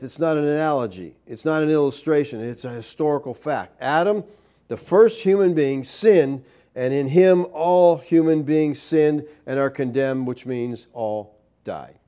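A man's voice: fairly high pitch, dark tone. A man preaching a sermon, emphatic, with many rhetorical questions and scripture read aloud. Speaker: pastor.

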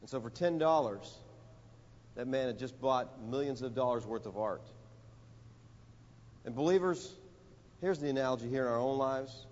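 A man preaching a sermon, telling a story and building to emphatic, rising lines with dramatic pauses. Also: mid-range voice, darkish tone. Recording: dull audio in a reverberant hall.

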